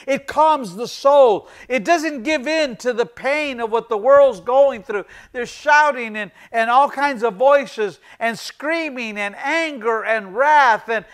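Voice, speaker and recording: A middle-aged male pastor preaching a sermon, pressing points by repeating short phrases and calling out to the congregation. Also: very high voice. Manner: emphatic, repeats key phrases for emphasis; addresses the congregation as ladies and gentlemen.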